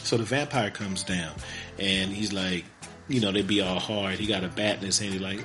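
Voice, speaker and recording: A man's voice: low-pitched, fairly even intonation, music in the background. A man hosting a podcast, casually retelling a movie plot in a rambling way and acting out the characters' lines. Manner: rambling, acts out characters' lines in quick voices. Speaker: podcast host.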